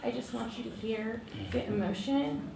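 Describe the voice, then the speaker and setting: A woman activist giving unplanned testimony at a city council meeting. She is trembling and emotional, and she speaks haltingly with many fillers and restarts. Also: on the high side, vocal fry. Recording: echoey council chamber from far off, with background noise.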